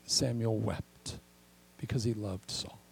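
An older man preaching a sermon as pastor, animated and acting out the voices he quotes. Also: on the low side, slow, gravelly, slight background noise, poor audio.

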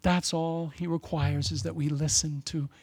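A man's voice: on the high side, flat delivery, normal speed, slightly rough, dry recording. Folksy older man preaching. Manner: folksy, humorous, swings from loud to soft. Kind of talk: sermon.

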